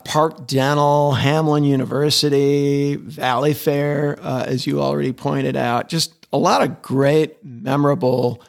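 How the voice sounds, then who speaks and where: A man's voice: a little high, fairly even intonation, a little slow, creaky, few pauses. A middle-aged man, a guest in an interview, talking enthusiastically and repeating words as he restarts his sentences. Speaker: interview guest, advertising executive. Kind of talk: conversational interview.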